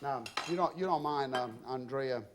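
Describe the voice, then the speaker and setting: A man's voice: mid-range voice, normal speed, noisy background. A middle-aged man with a Louisiana accent hosting a cooking demonstration in a home kitchen, talking in a chatty, folksy way and calling his viewers "y'all". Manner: folksy and exuberant, often says "y'all" and "I tell you". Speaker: TV cooking show host.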